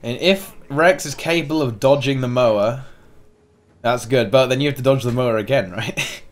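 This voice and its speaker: A man casting an online game match live, excitable and laughing often as he calls the action. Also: medium pitch, moderate pace. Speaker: co-caster of an online game tournament. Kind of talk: esports play-by-play commentary.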